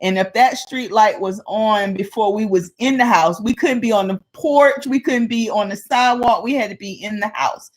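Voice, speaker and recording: A woman's voice: medium pitch, moderate pace, hardly any pauses. A woman vlogger telling a personal story in a casual way and acting out the people in it. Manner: animated, acts out the people in her story.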